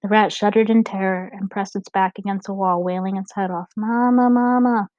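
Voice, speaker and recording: A woman narrating an audiobook chapter in a steady, expressive reading. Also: medium pitch, a little fast, no room sound. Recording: dull, dry lo-fi recording.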